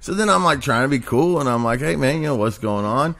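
A man's voice: medium pitch, lively intonation, a little fast, creaky, a bit bright. A man hosting a podcast, telling a crude story in casual chat, rambling and swearing and laughing along the way. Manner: rambling, profane, laughs through his stories. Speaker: podcast host.

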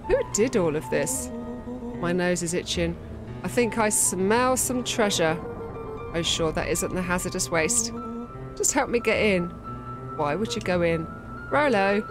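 A woman commenting on a story game and reading its dialogue aloud in a playful way. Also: on the low side. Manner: playful, reads lines with light voices. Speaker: gameplay streamer. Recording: game music playing behind.

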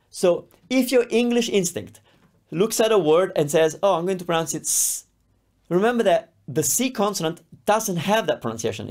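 A man with an Italian accent, a native speaker, teaching a beginner language lesson. His voice sits a little high and stays animated. He repeats each word slowly and carefully. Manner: lively, sounds words out slowly and repeats them. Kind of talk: scripted lesson to camera.

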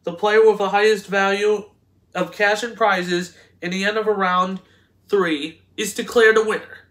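Man, high-pitched voice, reading game instructions, halting, stumbling, many restarts. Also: steady tone, fairly bright tone. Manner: halting, stumbling over words with frequent restarts. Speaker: host.

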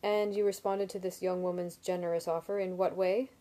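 Brief: unflappable young man read by a woman, slow and dry, mellow tone. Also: fairly low pitch, level tone, close to an everyday voice.

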